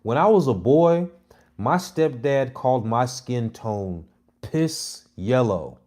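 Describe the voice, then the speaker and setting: A brash man in his thirties talks straight to his audience in a casual, provocative monologue. His pitch sits mid-range for a man, and he swings from loud, mocking jabs to low, muttered asides. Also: lively intonation, slow. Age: 30s. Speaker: comedy content creator.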